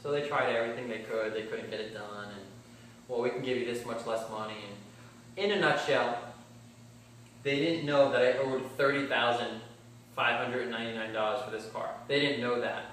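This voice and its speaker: A man's voice: medium pitch, steady tone, moderate pace, fairly bright tone. A man telling a car-buying story in a casual vlog, blunt and swearing, acting out both sides of his conversations. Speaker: car vlogger. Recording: very echoey room, mic at a distance, faint background hum.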